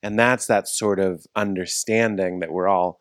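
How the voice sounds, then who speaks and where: A man's voice: low-pitched, fairly even intonation, measured pace, no room sound, studio quality. A man, a podcast host, in casual conversation, rambling and restarting his sentences. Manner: rambling, self-interrupting, with frequent restarts.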